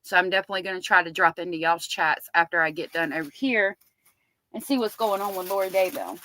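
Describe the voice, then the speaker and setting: A woman's voice: lowish voice, quick pace, pushed and bright, poor audio. A middle-aged woman hosting a casual livestream, chatting with viewers and reading their comments aloud. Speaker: livestream host covering a trial.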